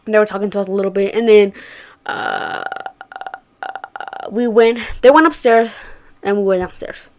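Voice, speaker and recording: Her voice is medium-pitched and a little mellow, animated, at a moderate pace with frequent pauses. A young vlogger, she tells her viewers a story in a casual, chatty way, swearing freely and acting out her friends' words.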